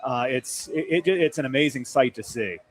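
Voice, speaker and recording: A man co-hosting a live talk show who talks in a halting way, often repeating words. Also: medium pitch, slight background noise. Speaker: co-host. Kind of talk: casual talk show chat.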